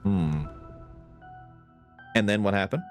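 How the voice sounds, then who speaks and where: A man giving casual, animated let's-play commentary, thinking aloud and swearing casually. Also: on the low side, takes it slowly, soft background music. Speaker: gaming YouTuber.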